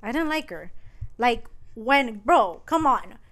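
Young woman with a slightly raised pitch talks casually as a podcast co-host. She is animated and slangy, swearing freely and breaking into laughs. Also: slow. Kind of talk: casual chat.

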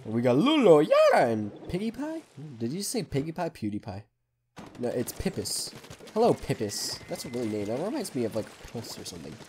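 A man hosting a gaming channel, giving hyper, excitable let's play commentary and yelling at opponents. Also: mid-range voice, fairly quick, a little hiss or hum.

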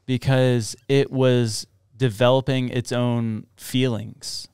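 A man's voice: medium pitch, slow, smooth, no room sound, studio quality. A man co-hosting a podcast, chatting casually and joking through a sponsor read. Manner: animated, jokey, hams up sponsor reads. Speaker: podcast co-host. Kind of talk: casual chat.

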